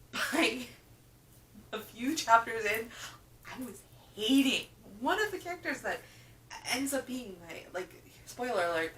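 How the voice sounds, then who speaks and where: A book reviewer chats casually through a reading wrap-up in a bright, pushed, mid-range voice, emphatic and repeating words for stress. She's recorded on a camera mic from a distance, so the sound is roomy with a faint hum.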